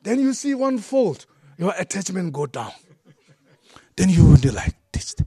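Male buddhist monk, dharma talk, high voice, unhurried, broken english, chuckling. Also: very animated, mellow, husky. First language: not English. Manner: broken English, often gropes for words; chuckles through his points.

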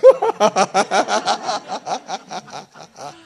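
A man teaching as a Buddhist monk, speaking halting English that is not his first language, often pausing to find a word and chuckling through his points. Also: high voice, wildly swooping pitch, vocal fry, husky. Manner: broken English, often gropes for words. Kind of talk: dharma talk to a group.

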